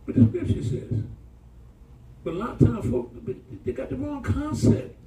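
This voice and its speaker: A pastor tells stories in a sermon with a high, lively voice that swoops up and down, though his tone is dark and mellow. He speaks loosely and colloquially at a moderate pace, animatedly calling out to the congregation. He's far from the mic in an echoey church, with slight hiss or hum.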